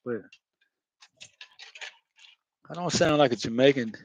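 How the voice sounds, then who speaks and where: A man's voice: medium pitch, normal speed. A man with a Florida accent chatting loosely while he cooks, rambling, laughing and swearing as he goes. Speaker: home cook. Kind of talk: casual cooking vlog talk.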